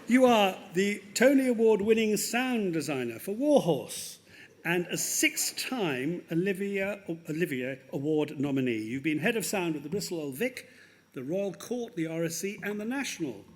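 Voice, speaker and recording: A man presenting at a graduation ceremony, reading a formal citation in a measured way with small slips, on a podium microphone in a ceremony hall. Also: fairly high pitch, lively intonation.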